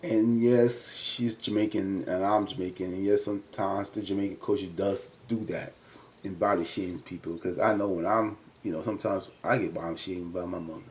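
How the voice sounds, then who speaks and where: A man talking through a reality show episode in casual recap commentary, with a fairly low voice. His tone is mellow and warm rather than bright. He chats loosely with lots of fillers and keeps jumping up in pitch to act out the cast's lines. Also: fairly even intonation, normal speed, slight background noise. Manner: chatty, many "you know" fillers, jumps up in pitch to act out quotes.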